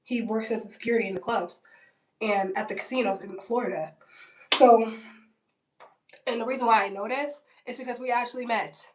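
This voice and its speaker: A woman's voice: fairly high pitch, steady tone, a little fast, pauses often, slight background noise. A woman in her twenties telling a story in a casual, blunt vlog, with frequent fillers and swearing. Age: 20s. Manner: chatty and blunt, heavy on "like" and swearing. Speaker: vlogger. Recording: roomy, distant from the mic.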